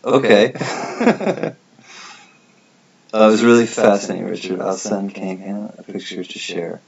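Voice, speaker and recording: A man's voice: lowish voice, unhurried, creaky, slightly rough, highs cut off. A man hosting a collectibles livestream, chatting casually and reading out viewer comments.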